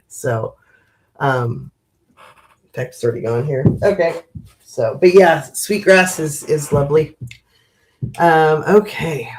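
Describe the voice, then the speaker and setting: A woman hosting a spiritual livestream, chatting gently with viewers and rambling through many fillers and restarts. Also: low voice. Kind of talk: casual live chat with viewers.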